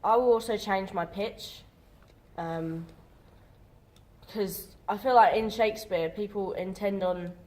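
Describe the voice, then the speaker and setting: A woman's voice: mid-range voice, takes it slowly, a little mellow. A woman drama student talking casually in a group discussion, chatty and full of fillers.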